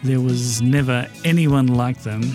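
A man's voice: mid-range voice, measured pace. A man hosting a music podcast, reading a prepared introduction and then chatting with restarts. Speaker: podcast host. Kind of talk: podcast introduction and casual chat.

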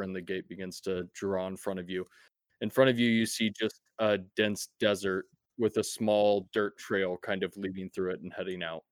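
A man's voice: on the low side, flat delivery, moderate pace, no echo, studio quality. A man narrating as game master of a tabletop game, laid-back and profane, with many fillers.

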